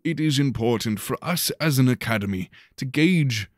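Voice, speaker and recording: A man's voice: medium pitch, lively intonation, normal speed, no echo, clean studio sound, natural voice. A man playing a grand academy head giving a theatrical address to students. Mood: declaiming. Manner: declaiming, theatrical.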